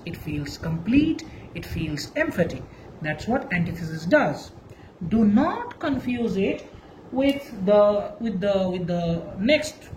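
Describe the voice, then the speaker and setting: A woman gives a literature lesson at a slow, careful pace, pausing and restarting as she explains. Her voice sits fairly high and moves a lot in pitch. A faint noise runs under the recording. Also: darkish tone, rough recording. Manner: slow and deliberate, with restarts and emphasis. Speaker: teacher. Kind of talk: literature lecture.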